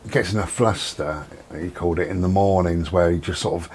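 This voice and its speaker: A middle-aged man with a very low, husky voice talks in a rambling, chatty way, full of ums and restarts. He sounds relaxed and unhurried as he chats casually at home. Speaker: vlogger. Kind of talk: casual chat. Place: at home with door and window open.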